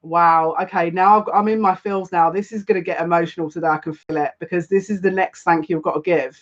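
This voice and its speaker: On slightly dull, lo-fi audio, a psychic tarot reader with a fairly low, steady voice talks fast through a casual live stream. She greets each viewer by name, gushing warmly and sounding near tears.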